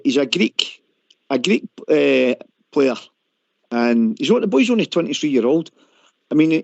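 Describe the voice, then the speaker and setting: A man's voice: fairly high pitch, gravelly, no echo. A man with a Scottish accent calling a radio phone-in, chatting casually and calling everyone mate. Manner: chatty, keeps saying mate. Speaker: caller. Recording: muffled phone-in audio.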